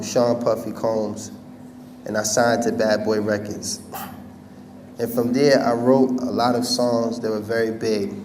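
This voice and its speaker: American man, conversational storyteller, mid-pitched, mic set back, faint hiss behind. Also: darkish tone, distant mic. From United States. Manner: conversational storytelling, addresses audience directly. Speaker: speaker telling his life story. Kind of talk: personal testimony talk.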